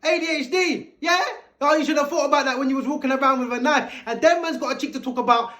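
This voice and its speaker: A man with a very high voice delivers a vlog commentary monologue. He lectures emphatically, throwing rhetorical questions straight at the listener. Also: fast talker, fairly bright tone. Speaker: commentary video host.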